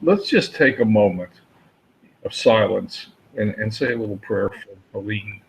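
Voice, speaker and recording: A man's voice: fairly low pitch, unhurried, gravelly, slight background noise, poor audio. A man co-hosting a casual live show, talking earnestly and rambling with many fillers and restarts. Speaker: co-host of a daily live show. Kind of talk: casual live-stream chat.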